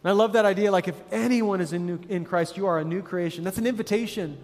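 A man's voice: high-pitched, fast talker, darkish tone, big-room sound. A man preaching a sermon as a pastor, casual and conversational, with frequent restarts and an encouraging tone.

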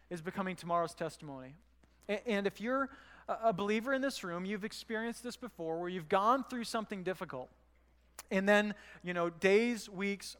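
A man's voice: sits high, fairly bright tone, in a large hall. A man preaching a sermon as pastor, talking to the congregation in a conversational way and asking them rhetorical questions. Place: church hall.

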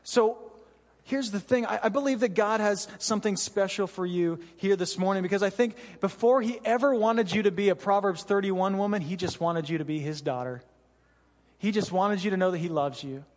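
A man's voice: sits high, normal speed, in a large hall. A man pastor giving an earnest, conversational sermon to his church, with frequent "you know" asides. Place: church hall.

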